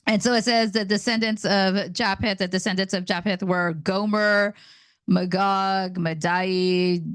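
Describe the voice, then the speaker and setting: A woman's voice: medium pitch, fairly even intonation, normal speed, a bit bright, dry recording. Chatty woman reading scripture aloud. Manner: chatty, laughs between verses, stumbles on names. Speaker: Bible reading host. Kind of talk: casual Bible reading with commentary.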